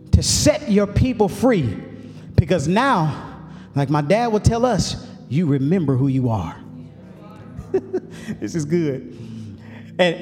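A male pastor preaching a sermon, building up to shouts, with folksy asides. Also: very high voice, big-room sound.

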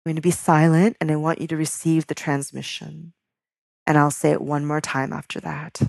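A woman working as a spiritual teacher who leads a slow, soothing guided meditation and chants mantras. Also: low voice, little pitch movement, gravelly, a little mellow, no echo, studio quality.

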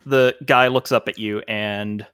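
A man narrating as game master, relaxed and rambling with many fillers. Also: on the low side, unhurried, smooth, dry recording, studio quality.

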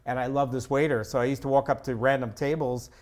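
A man's voice: mid-range voice, fast talker. A middle-aged man, a comedian guest, telling stories in casual chat and slipping into impressions of people. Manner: animated, drops into impressions of people.

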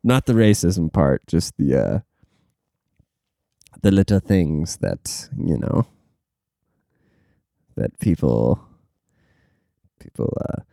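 A man's voice: deep voice, very animated, slow, vocal fry, pauses often, mellow, dry recording, studio quality. Tired, rambling young man podcasting. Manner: rambling, profane, laughs at his own stories. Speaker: podcast host. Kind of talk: casual podcast rant.

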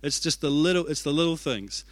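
A man's voice: on the high side, lively intonation, a little fast, dry recording. A young man preaching a sermon as an executive pastor, telling stories in a chatty, self-deprecating way. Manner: conversational, self-deprecating storytelling.

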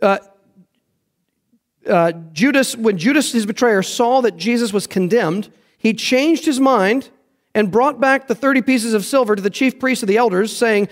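A man's voice: very high-pitched, moderate pace. A man preaching a sermon as pastor, earnest and emphatic, repeating key phrases for weight.

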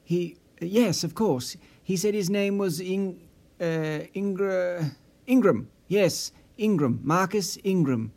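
A man's voice: high-pitched, normal speed, darkish tone, lightly acted. A man voicing a nervous male office supervisor who stammers and hesitates, raised a little above his own voice. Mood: flustered.

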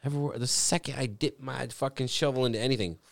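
A young man co-hosting a casual podcast, telling profane, laughing stories in lively chat. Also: medium pitch, fast talker, creaky. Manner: profane, laughing, animated storytelling. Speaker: podcast co-host.

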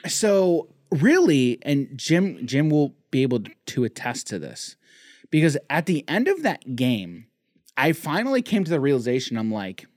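A man's voice: on the high side, sing-song, measured pace, no echo, clean studio sound. A man co-hosting a casual podcast, talking in loose rambling sentences full of restarts and fillers. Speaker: podcast co-host.

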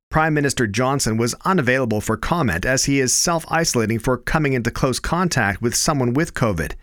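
A Canadian man reading satirical news headlines in a dry, deadpan anchor style. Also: medium pitch, no echo. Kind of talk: deadpan comedy news delivery.

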